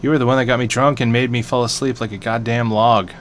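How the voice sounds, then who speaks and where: A man's voice: mid-range voice, fairly even intonation, quick pace, slight background noise, lightly acted. A man voicing an indignant young woman customer, complaining in an exasperated way.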